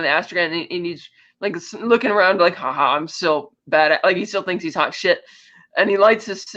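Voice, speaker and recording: Recorded in lo-fi sound, a woman with a mid-range voice and a sharp tone co-hosts a podcast, casually walking through film scenes and performing the characters' lines.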